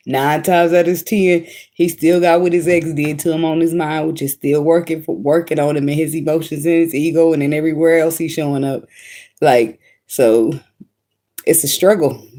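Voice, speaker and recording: A woman with a lowish voice talks straight to her viewers in a casual advice vlog. She is blunt and slangy, swears freely, and laughs often as she goes. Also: darkish tone. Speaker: tarot reader.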